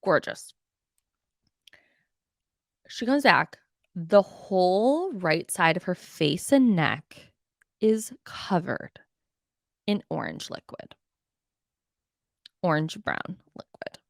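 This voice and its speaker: A young woman hosting a podcast, telling a story in a casual, animated and profane way, full of exasperation. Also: lowish voice, slow, creaky, pauses often, no room sound, studio quality. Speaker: podcast host.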